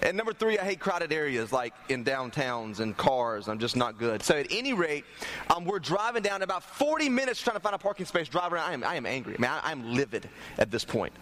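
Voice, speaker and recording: A man's voice: fairly high pitch, brisk, a little hiss or hum. A young man from North Carolina, preaching a sermon in a church, telling jokes and asking the congregation to respond. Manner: lively, joking storyteller, asks the congregation to respond. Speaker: pastor.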